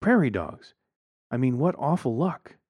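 A man's voice: on the low side, a little fast, darkish tone, no room sound, lightly acted. A man voicing a stern wife and mother who scolds sharply. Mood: scolding.

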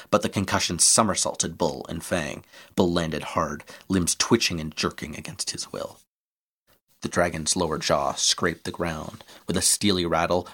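A man reading an adventure story aloud in a steady, measured way. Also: low voice.

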